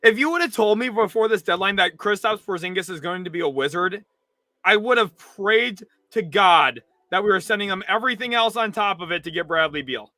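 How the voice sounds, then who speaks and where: A man's voice: expressive, a little fast, no echo. Exasperated young man ranting live. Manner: exasperated, ranting, swings from loud outbursts to low mutters. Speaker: sports livestream host. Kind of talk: live reaction commentary.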